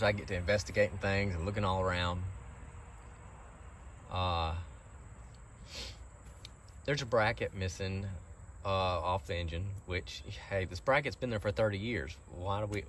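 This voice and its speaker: A man's voice: deep voice, a little hiss or hum. A man telling a long, aggrieved story about a car repair in a rambling, casual way.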